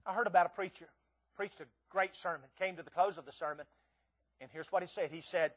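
A man's voice: sits high, steady tone, a little fast, a bit bright. A man in his sixties preaching a sermon as a visiting preacher, earnest and pleading, often stammering and repeating his words.

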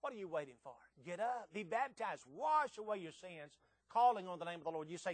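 A man's voice: high-pitched, expressive, fairly quick, no echo. A man preaching a sermon, earnest and emphatic, with pressing rhetorical questions.

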